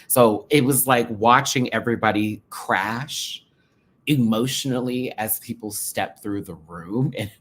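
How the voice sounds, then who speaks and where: A man hosting his own review channel talks straight to camera in a sassy, animated style, full of drag slang. His voice is bright and forceful, and sits at a middle pitch. He swings from loud bursts to hushed asides. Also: a little slow. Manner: drag slang, calls viewers sister and baby. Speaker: drag race show reviewer, channel host. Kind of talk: casual commentary to camera.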